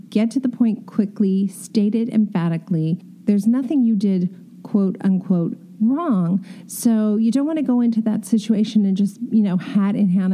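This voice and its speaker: In a mellow, medium-pitched voice, a middle-aged woman who works as an interior designer shares candid, self-deprecating stories from her job and offers emphatic advice, storytelling style.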